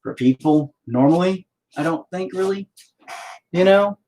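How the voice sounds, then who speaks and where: A man's voice: high voice, a little slow, a little mellow. A man hosting a painting livestream from home, talking in a rambling, sarcastic, self-mocking way with plenty of swearing. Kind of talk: casual chat while painting.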